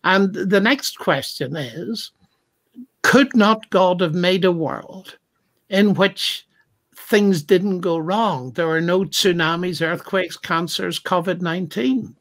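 A man's voice: sits high, slow pace, fairly bright tone. A man speaking as a Christian apologist in a thoughtful discussion, reflective and retelling stories with acted-out quotes.

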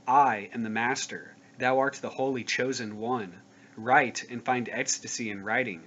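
A man giving a solemn scripture reading, slow, grave and declamatory. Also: mid-range voice, steady tone, fairly bright tone, husky. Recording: dull lo-fi recording with faint noise.

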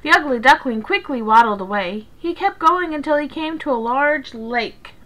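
A woman teacher reading a picture book aloud to children, in a gentle, expressive storytelling manner. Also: high voice, normal speed, low-quality recording.

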